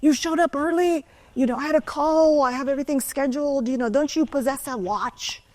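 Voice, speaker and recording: A man's voice: very high voice, a little fast, darkish tone, no room sound, pitched above the performer's own voice. A woman voicing a furious, rigid male executive who scolds her for arriving early.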